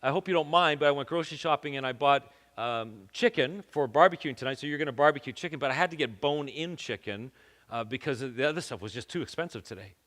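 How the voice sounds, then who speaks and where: A man's voice: medium pitch, fast talker, fairly bright tone, close to an everyday voice. A man voicing his wife as an easygoing woman, speaking in a light, dismissive, matter-of-fact way. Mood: breezy. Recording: long hall reverb.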